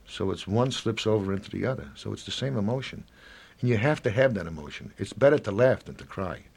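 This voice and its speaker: A man in his seventies speaking in an interview, rambling and halting, often acting out little snatches of dialogue. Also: on the low side, expressive, creaky, a little mellow, breathy edge. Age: 70s. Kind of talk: reflective interview talk.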